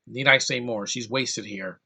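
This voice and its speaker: A man rants his way through a film review, his bright, forceful voice full of exasperation. He swears freely and keeps stumbling and restarting mid-sentence in disbelief. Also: medium pitch, unhurried, creaky, slightly rough. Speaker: movie reviewer.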